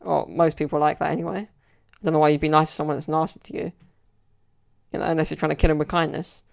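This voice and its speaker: A man's voice: on the high side, little pitch movement, quick pace, gravelly. A young man telling stories in a casual solo podcast, rambling and chatty with lots of "like" and "you know". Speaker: podcast host.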